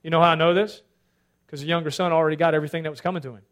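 Animated high-voiced preacher man. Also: rapid-fire. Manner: animated preaching, swings from loud emphatic to hushed asides. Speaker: pastor. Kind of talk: sermon.

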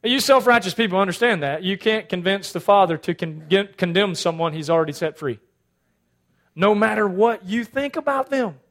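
A male pastor preaching a sermon, swinging between loud emphatic lines and hushed asides. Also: sits high, expressive, moderate pace.

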